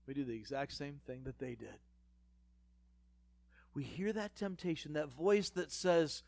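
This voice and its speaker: Dry-voiced preacher with sarcastic asides. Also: male voice, mid-range voice, animated, unhurried, vocal fry, long pauses, darkish tone, no echo. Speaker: pastor. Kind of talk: sermon.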